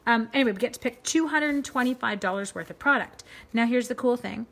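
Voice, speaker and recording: A woman's voice: a little high, fast, gravelly, a bit bright. A middle-aged woman from Canada hosting a live card-making tutorial, chatty and upbeat, greeting viewers by name as she works.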